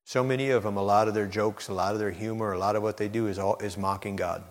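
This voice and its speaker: Delivered fast in a fairly even, low-leaning voice, this man's sermon speaks directly to the congregation. His preaching intensifies in surges, reaching almost shouted emphasis amid long hall reverb.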